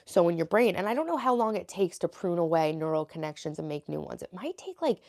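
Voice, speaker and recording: Young woman live streaming, kinda low voice, chatty, reads chat out loud and talks to viewers. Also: animated, fast talker.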